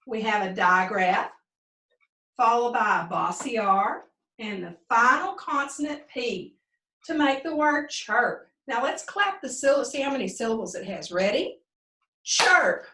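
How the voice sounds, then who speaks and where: A woman's voice: on the high side, pushed and bright, far from the mic. Sing-song woman teaching phonics, roomy. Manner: slow, drawn-out sounding out of words. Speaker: second grade teacher. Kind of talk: phonics lesson for young children.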